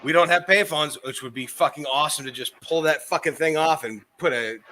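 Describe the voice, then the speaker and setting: Male podcast co-host, brilliantly bright, somewhat high voice, rambling and profane, casual riffing. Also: brisk, a little hiss or hum. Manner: rambling, profane, laughing at himself. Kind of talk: casual chat.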